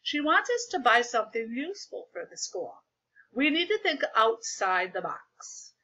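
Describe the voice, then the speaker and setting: A patient elementary teacher who asks questions in a measured way, as a woman reads him. The voice is high and bright, with a lively lilt. The recording is dull and lo-fi. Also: heavily acted.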